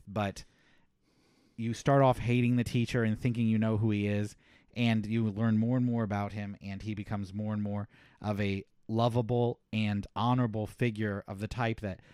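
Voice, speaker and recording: A man's voice: lowish voice, normal speed, mellow, clear, resonant tone, no echo, clean studio sound. A man co-hosting a podcast, giving enthusiastic, emphatic opinions on a film, his voice a little worn. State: voice slightly worn. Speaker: podcast co-host. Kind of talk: casual film discussion.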